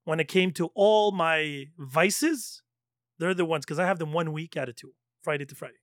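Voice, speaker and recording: A middle-aged man in casual chat, telling an animated story, laughing often and swearing freely. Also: a little high, normal speed, no echo, clean studio sound. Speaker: storytelling guest.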